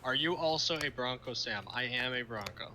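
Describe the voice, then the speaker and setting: A man's voice: mid-range voice, moderate pace, crowd noise. A young man streaming live, chatting casually about circuits, laughing often and trailing off mid-sentence. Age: young adult. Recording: faint background noise.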